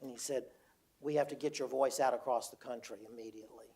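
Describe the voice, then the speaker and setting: Older man, gravelly, mid-pitch, halting storyteller at a lecture. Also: fairly even intonation, dark tone. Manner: halting, repeats words, quotes others. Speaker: speaker. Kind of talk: storytelling talk.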